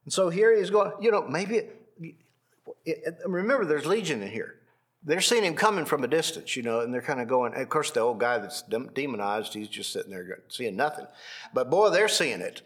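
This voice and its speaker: A man's voice: mid-range voice, expressive, normal speed, a bit bright, husky. A man leading a Bible class, teaching animatedly with many restarts and repeats.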